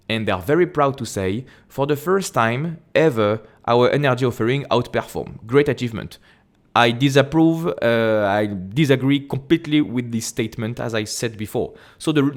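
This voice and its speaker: A man with a French accent hosting an investing channel, commenting on an earnings report while sharing his screen, reading haltingly, correcting himself and breaking off into quick asides. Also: medium pitch. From France.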